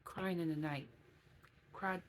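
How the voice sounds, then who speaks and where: A woman with a low, grounded voice talks openly to her viewers in a relaxed vlog. She is candid and emotional and chats along with plenty of fillers. Faint noise sits behind her. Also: slow, poor audio. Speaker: vlogger. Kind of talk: casual vlog talk to viewers.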